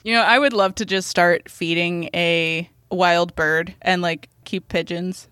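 A woman's voice: fairly low pitch, fairly even intonation, measured pace, fairly bright tone, clean tone, no echo, studio quality. A woman co-hosting a podcast in casual chat, playful and laughing often. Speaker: podcast co-host.

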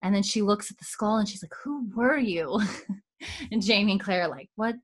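A woman's voice: medium pitch, normal speed. Chatty woman recapping a show. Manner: retells scenes with quoted lines, chatty and giggly. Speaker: podcast co-host. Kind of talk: casual recap chat.

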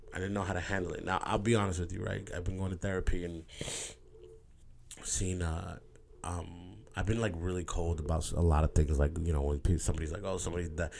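A man's voice: low voice, gravelly, darkish tone, slight background noise. A man talking candidly to his viewers in a rambling, emotional way, repeating words and swearing casually. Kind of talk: candid personal monologue.

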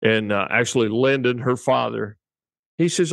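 A man's voice: mid-range voice, moderate pace, vocal fry, fairly bright tone, no echo. A man co-hosting a cattle-breeding podcast, telling a rambling story in casual chat and chuckling often.

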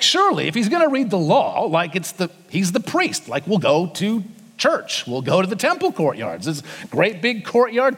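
A man's voice: high-pitched, long reverb tail. A man with an Australian accent preaching a sermon in a church in a conversational way, sometimes acting out the voices of people in the story. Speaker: senior pastor. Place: church auditorium.

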